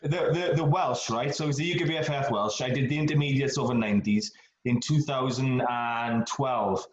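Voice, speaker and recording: A man, a bodybuilder guest on a podcast, telling stories in a relaxed, casual way. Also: mid-range voice, moderate pace, dull audio. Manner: relaxed anecdotal storytelling. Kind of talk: casual chat. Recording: echoey room.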